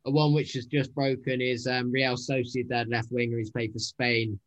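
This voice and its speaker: A man's voice: medium pitch, level tone, moderate pace, fairly bright tone. A man, a regular on a football podcast, talking loosely with repeated words and hedges. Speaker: podcast regular, transfer pundit. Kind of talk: casual football podcast chat.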